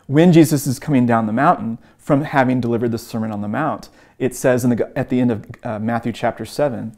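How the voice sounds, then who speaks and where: A man's voice: mid-range voice, fairly quick, hardly any pauses, a little mellow. A man teaching an evangelism course, retelling stories in an earnest way with frequent um and uh fillers. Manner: lifts his voice when acting out quoted lines. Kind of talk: teaching talk with retold stories.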